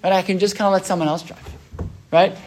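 A man leads a relaxed Torah class in a loose, talkative way. He keeps checking in with his listeners with a quick "right?" and slips into the voices of the people in the stories he tells. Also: sits high. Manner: chatty, keeps asking "right?"; acts out quoted voices in his retelling. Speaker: Torah teacher. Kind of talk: casual Torah class lecture.

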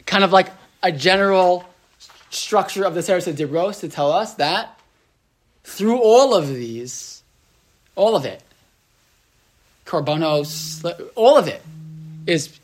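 A male rabbi leads a relaxed Torah class, talking the way people talk in a room. He keeps asking his listeners "right?" and restarts his sentences. He drops Hebrew terms into his English. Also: a little high. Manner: chatty, asks the room "right?", lots of restarts and "like".

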